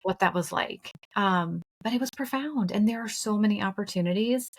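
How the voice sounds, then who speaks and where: A woman's voice: mid-range voice, normal speed. A woman in her thirties co-hosting a spiritual podcast, telling a personal story in an earnest, chatty way with playful asides. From Minnesota. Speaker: podcast co-host.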